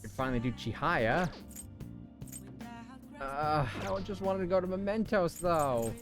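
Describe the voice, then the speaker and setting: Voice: medium pitch, expressive, a little slow, music in the background. A streamer in their thirties chatting casually and rambling while playing a video game. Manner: chatty, self-amused, rambling.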